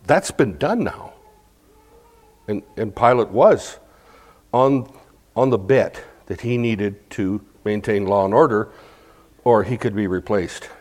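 Male preacher, slow and deliberate, teaching through a passage with chatty asides. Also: lowish voice, lively intonation. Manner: explains a scripture passage verse by verse with asides; acts out crowd chants and quotes. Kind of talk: sermon.

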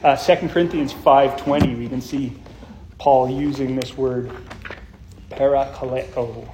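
A man's voice: mid-range voice, steady tone, measured pace, mellow, slight background noise. A man preaching an expository sermon, earnest and explanatory, often restarting his phrases. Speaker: pastor.

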